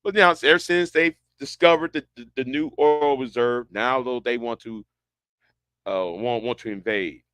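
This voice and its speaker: Bright, stammering man talking casually. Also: medium pitch, normal speed, clean tone, dry recording. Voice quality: stammering, many restarts. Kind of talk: casual rambling commentary. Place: Houston, Texas.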